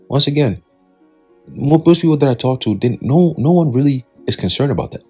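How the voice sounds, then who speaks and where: A man's voice: medium pitch, lively intonation, fast talker, dark tone, breathy edge, faint music behind. A man giving Bible prophecy commentary in an emphatic, repetitive way, often checking in with "right?" and "okay?". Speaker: online commentator.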